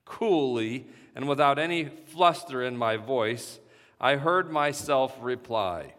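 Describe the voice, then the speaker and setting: A man reading a story aloud in a measured, deliberate way. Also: mid-range voice, a bit bright. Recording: reverberant hall sound.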